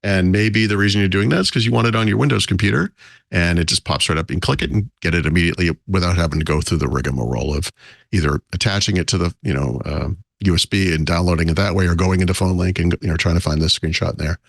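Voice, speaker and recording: A man's voice: deep voice, quick pace, vocal fry, dry recording, studio quality. A man co-hosting a tech podcast, rambling in a casual, self-deprecating way with frequent chuckles. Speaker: podcast co-host.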